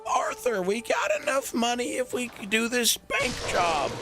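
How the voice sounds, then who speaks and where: Man doing a shouty high outlaw boss. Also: wildly swooping pitch, measured pace, over music, exaggerated voice. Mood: manic scheming. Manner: shouty, manic, breathless plotting. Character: loud scheming male outlaw gang leader.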